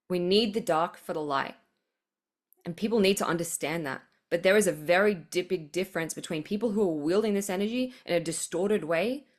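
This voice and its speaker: Woman podcast host, spiritual monologue, passionate, swearing, frequent laughter. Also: fairly low pitch.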